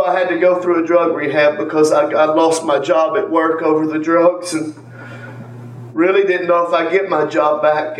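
A man's voice: fairly high pitch, a little hiss or hum. A man giving an earnest church testimony, repeating phrases and calling on members of the congregation by name. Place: church sanctuary. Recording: echoey church from far off with faint ambience.

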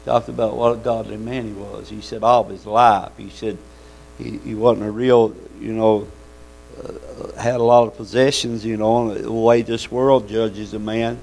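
A man's voice: fairly low pitch, little pitch movement, normal speed, vocal fry, darkish tone, low-quality recording. A man preaching a sermon in a folksy, fervent way, calling out amens and hallelujahs.

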